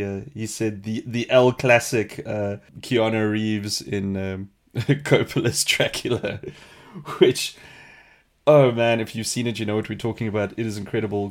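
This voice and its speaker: A man hosting a casual question-and-answer podcast, chatty and animated, laughing often. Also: fairly low pitch. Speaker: podcast host.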